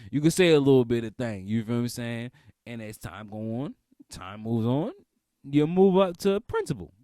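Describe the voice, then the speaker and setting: A man, talking as a podcast host in a comedic, casual monologue, repeating phrases and breaking into loud outbursts. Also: medium pitch, animated, moderate pace, no room sound, clean studio sound.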